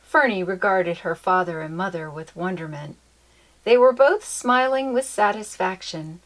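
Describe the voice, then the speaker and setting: A woman reading a children's chapter book aloud in an expressive, lilting storytelling manner. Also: medium pitch, a little slow.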